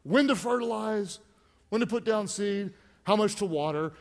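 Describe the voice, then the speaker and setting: A man delivers a lively sermon, his voice sitting high for a man. He pushes hard on key points and calls out to the congregation. Long reverb from a large church hall trails every phrase. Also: normal speed. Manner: animated, rises to shouts for emphasis, calls on the congregation. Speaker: pastor.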